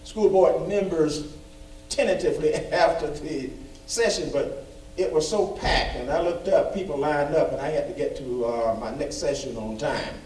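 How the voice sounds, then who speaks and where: A man's voice: a little high, moderate pace, darkish tone. A man giving an emphatic, folksy report at a school board meeting, repeating phrases for stress. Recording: echoey room, far from mic.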